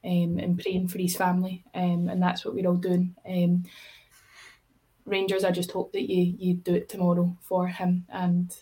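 A Scottish woman co-hosts a podcast in a low-pitched voice with a flat melody. She talks in a subdued, hesitant way, with frequent pauses. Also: poor audio. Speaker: podcast co-host. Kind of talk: casual podcast chat.

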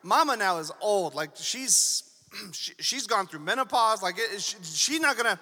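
A male pastor preaches with a playful, animated flair. His voice sits very high and sounds bright and piercing. Long reverb carries through the church hall. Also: normal speed. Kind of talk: sermon.

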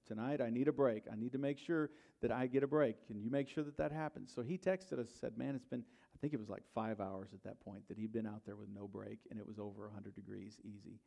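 Middle-aged pastor telling a story. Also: male voice, fairly low pitch, fairly even intonation, a little fast, creaky, hardly any pauses, muffled recording. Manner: conversational storyteller, swings from quiet asides to loud bursts. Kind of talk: sermon with personal storytelling. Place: church.

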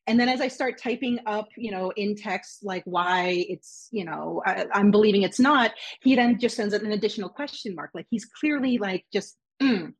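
A woman's voice: mid-range voice, breathy edge. A woman guest on a podcast, earnestly recounting a personal story and acting out quoted lines. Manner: earnest, with quick acted-out quotes.

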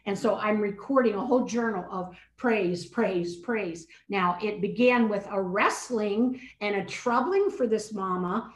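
An older woman, a podcast guest, telling a personal story in an animated way and acting out her own inner dialogue. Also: medium pitch, unhurried, hardly any pauses. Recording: echoey room.

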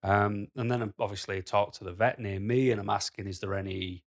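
A man's voice: lowish voice, fairly even intonation, brisk. A man talking to camera in a blunt, rambling way, full of "you know" fillers. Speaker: vlogger. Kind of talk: casual monologue to camera.

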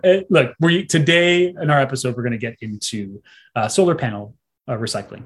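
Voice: mid-range voice, brisk. A podcast co-host in casual conversation, talkative and wry, often restarting sentences.

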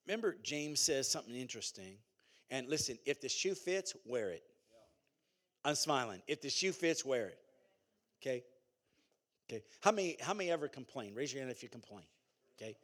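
A man preaching a sermon as pastor, in a conversational, animated way with call-and-response and repeated phrases. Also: mid-range voice, fairly quick, pauses often.

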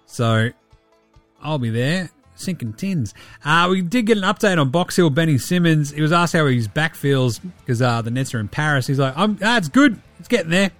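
An Australian man hosting a sports chat show, talking in a crude, sarcastic way with plenty of swearing. His voice sits a little higher than most men's, with some soft music running faintly underneath. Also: animated, moderate pace, dry recording. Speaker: podcast host.

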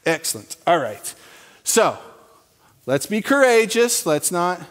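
A man's voice: sits high, big pitch swings, takes it slowly, a bit bright. A man hosting an open sharing time, coaxing people up with a loose, filler-heavy way of talking. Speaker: event host. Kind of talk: casual emcee talk. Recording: long hall reverb.

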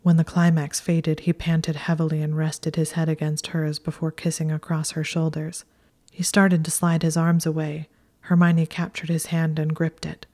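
A woman reading a story aloud in a soft, hushed, steady whisper. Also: sits low. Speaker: narrator.

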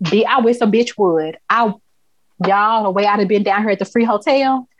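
A woman co-hosting a casual TV recap chat, talking in an animated, emphatic way and laughing often. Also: mid-range voice, moderate pace, dry recording. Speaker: podcast co-host. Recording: dull, dry recording.

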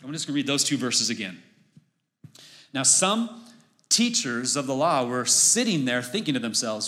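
A man preaching a sermon, conversational and energetic, often asking the audience questions. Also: mid-range voice, moderate pace, long pauses. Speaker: pastor.

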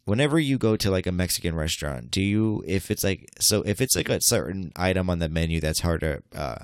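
A man's voice: deep voice, animated, a little fast, clear, resonant tone, no echo. A young man co-hosting a podcast, rambling crudely and firing teasing questions at his friend. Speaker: podcast co-host. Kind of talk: casual chat.

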